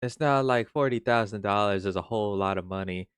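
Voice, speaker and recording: A man's voice: fairly low pitch, a little fast, clean tone, dry recording, clean studio sound. A man commenting casually on a video he is reacting to, joking and swearing freely. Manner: profane, joking, mocking. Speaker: reaction streamer.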